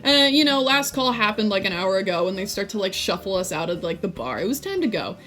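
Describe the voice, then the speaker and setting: Young female vlogger, casual storyteller, animated and jokey delivery, light background music. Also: medium pitch, quick pace. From United States. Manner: animated and jokey, voices friends in quotes.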